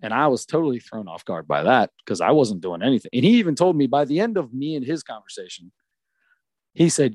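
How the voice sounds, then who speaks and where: A man recounting a story with animated emphasis, his voice sitting at an ordinary middle pitch. The sound is dry and close, with no room around it. It is a casual podcast chat. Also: a little fast, no room sound. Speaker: youth baseball coach.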